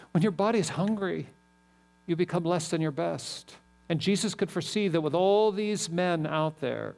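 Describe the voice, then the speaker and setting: A middle-aged male pastor preaching a sermon, animated and telling stories with quick asides. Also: high-pitched.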